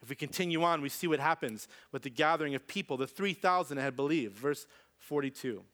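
High-voiced, animated preaching man. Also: fairly quick. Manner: animated storytelling, acts out quoted voices. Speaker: pastor. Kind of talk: sermon.

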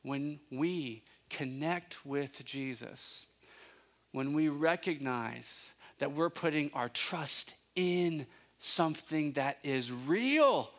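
A man preaching a sermon, asking his listeners questions and building to emphatic peaks, with relaxed conversational asides. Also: a little high, slow. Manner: conversational asides, self-correcting. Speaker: pastor.

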